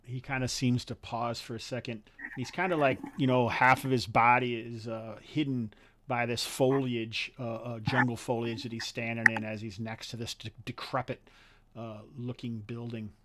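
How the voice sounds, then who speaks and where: A man narrating as game master of a tabletop game, thinking aloud with frequent pauses and fillers. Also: medium pitch, little pitch movement, background noise.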